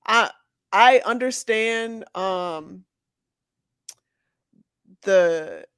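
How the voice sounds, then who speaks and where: A woman co-hosting a podcast in casual chat, talking slowly and haltingly with many restarts. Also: medium pitch, fairly bright tone, clear, resonant tone, dry recording, clean studio sound. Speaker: podcast co-host.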